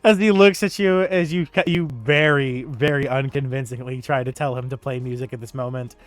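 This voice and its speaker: A young man narrating as game master, animated and chatty with fillers, on a close mic. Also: medium pitch, a little fast, no echo, soft background music.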